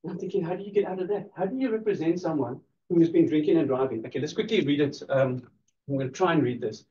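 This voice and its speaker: A man delivers a lively law lecture, teasing his students and laughing along with them. His voice sits high for a man. He is heard from across an echoey room, and the recording sounds dull and lo-fi. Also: quick pace, distant mic, a little hiss or hum. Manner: playful, teasing the audience, laughing often.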